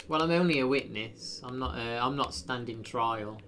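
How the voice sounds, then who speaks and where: A man's voice: mid-range voice, moderate pace, noisy background. A man chatting casually while live streaming a video game, rambling with lots of fillers. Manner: rambling, self-deprecating, frequent fillers.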